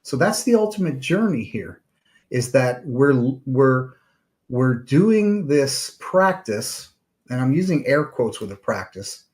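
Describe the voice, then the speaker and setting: Calm, searching male podcast host. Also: mid-range voice, moderate pace. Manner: calm, searching, with many fillers and restarts. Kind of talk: reflective solo talk on meditation.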